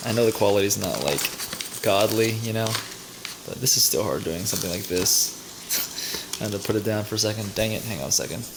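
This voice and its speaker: A man's voice: fairly low pitch, brisk, noisy background. A young man casually narrating his day's food while making coffee at home, chatty and rambling, often correcting himself. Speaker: vlogger. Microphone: camera mic.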